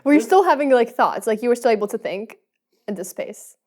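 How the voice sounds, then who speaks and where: A woman's voice: a little high, animated, fairly quick, a little mellow. A woman hosting a podcast, asking eager, curious follow-up questions in a casual chat. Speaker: podcast host. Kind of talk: casual conversation.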